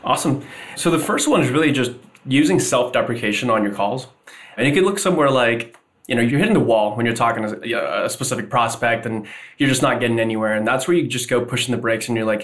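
A man's voice: mid-range voice, fast talker, a bit bright. A man talking casually as a podcast guest about sales, slipping into sample cold-call lines as he explains.

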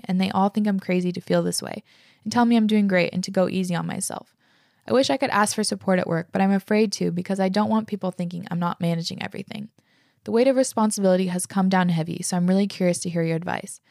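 Gravelly young woman podcast host. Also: medium pitch, a little mellow, no echo, studio quality. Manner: casual and chatty, swears freely, gushes with enthusiasm. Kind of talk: casual podcast, reading listener letters aloud.

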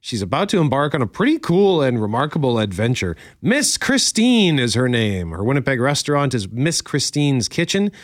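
A man co-hosting a morning radio show, his pitch rising and falling in an animated way. He chats casually and reads listener letters with little asides. The studio sound is dry and close. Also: moderate pace, few pauses, no room sound. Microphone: studio microphone.

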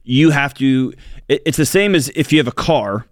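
A man's voice: mid-range voice, normal speed, dry recording, studio quality. Emphatic male radio co-host, blunt. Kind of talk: casual radio talk.

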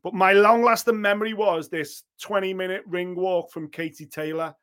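A man's voice: high voice, steady tone, moderate pace, fairly bright tone. A man giving blunt, opinionated boxing talk on a podcast, swearing freely and acting out what others might say. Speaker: boxing pundit.

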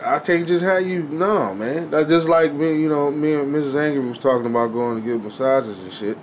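A blunt man with a slightly raised voice talks in rough, emphatic banter. A faint rumble hums underneath the recording. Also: a little fast. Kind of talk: casual chat.

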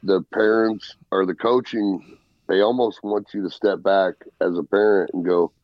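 A man who is a guest on a podcast, talking in relaxed casual chat and chiming in. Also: low-pitched, moderate pace, no echo. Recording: dull lo-fi sound, a bit off-mic.

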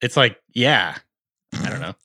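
A man's voice: medium pitch, expressive, measured pace, bright, forceful tone, no room sound. A man co-hosting a podcast in casual chat, loose and rambling, often laughing. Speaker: podcast co-host.

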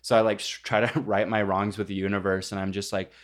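A man's voice: fairly low pitch, little pitch movement, fast talker. A man telling a story in casual chat, rambling and profane, full of "like" fillers. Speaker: podcast co-host.

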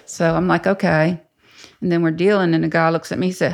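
A woman's voice: lowish voice, fast, creaky. An older woman telling her story bluntly in an interview, swearing freely and acting out what others said. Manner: blunt, profane, quotes others in lively voices. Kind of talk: candid storytelling.

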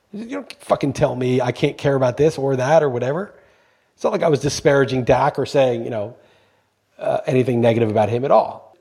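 A man's voice: mid-range voice, creaky, dark tone, breathy edge. A man co-hosting a podcast, talking emphatically in casual chat and swearing freely when he gets going. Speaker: podcast co-host.

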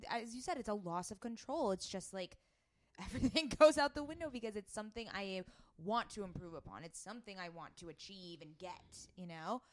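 A woman's voice: mid-range voice, expressive, brisk. A woman co-hosting a podcast, affirming her guest and adding her own reflections. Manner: agreeable, affirming. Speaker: podcast co-host. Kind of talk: podcast interview.

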